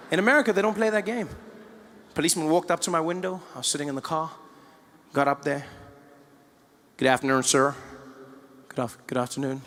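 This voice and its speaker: Animated South African comedian. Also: male voice, high-pitched, long reverb tail, slight background noise. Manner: animated storytelling, acting out scenes. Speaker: stand-up comedian. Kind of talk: stand-up comedy. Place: comedy stage before an audience.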